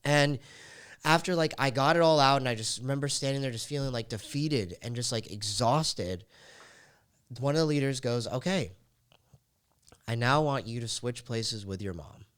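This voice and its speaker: Smooth-voiced man telling a personal story. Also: medium pitch, normal speed, fairly bright tone. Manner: candid, emotional, heavy on "like" fillers. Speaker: podcast host.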